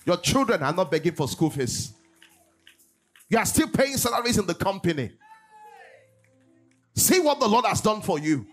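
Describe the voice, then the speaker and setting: Animated pastor preaching. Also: male voice, high-pitched, moderate pace, pauses often, soft background music. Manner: animated preaching, mimics congregants, laughs often. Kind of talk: sermon.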